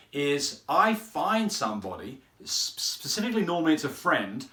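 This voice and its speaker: Man, dog breeder, casual rambling talk, repeats words, mid-pitched voice, echoey room. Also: fairly bright tone. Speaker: French Bulldog breeder. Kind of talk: casual explanatory talk to camera. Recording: roomy echo.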